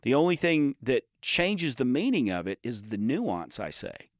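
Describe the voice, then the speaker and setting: A man's voice: medium pitch, sing-song, measured pace, no room sound. A man in a mid-range voice talks through his ideas with emphatic examples, often restarting his sentences. He co-hosts a casual trade podcast. The sound is close and dry. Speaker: podcast co-host. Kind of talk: casual chat.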